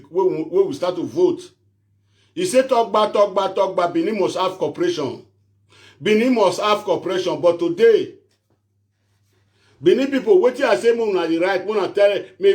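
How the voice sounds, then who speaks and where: A man with a high-pitched voice and a strong Nigerian Pidgin accent delivers a preachy, repetitive rant straight to his followers. He hammers the same phrases over and over and then turns to pleading. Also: darkish tone. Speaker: social media prophet and show host. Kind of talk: animated rant to camera.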